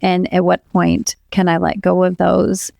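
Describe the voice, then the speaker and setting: A woman's voice: on the low side, completely flat delivery, measured pace, gravelly, mellow, dry recording, clean studio sound. A woman coach co-hosting a podcast, speaking earnestly and encouragingly. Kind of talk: casual podcast conversation.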